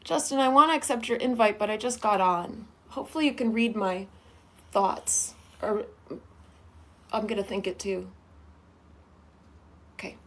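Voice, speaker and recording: A woman's voice: mid-range voice, unhurried, long pauses, fairly bright tone. A woman livestreamer in casual chat, greeting viewers by name and reading their comments aloud in a sweet, affectionate way.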